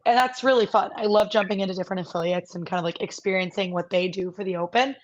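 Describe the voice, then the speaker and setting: A woman chatting as a podcast co-host, telling a lively story and putting on the voices of the people in it. Her pitch is middling, and the recording sounds a little dull and muffled. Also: fast talker. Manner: animated storyteller, acting out other people's lines. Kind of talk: casual chat.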